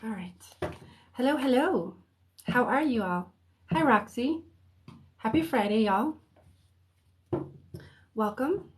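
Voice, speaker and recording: Slow-talking woman hosting a reading livestream. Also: a little high. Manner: relaxed, unhurried, friendly, often pausing on "um". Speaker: host and psychic reader. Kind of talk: casual livestream chat.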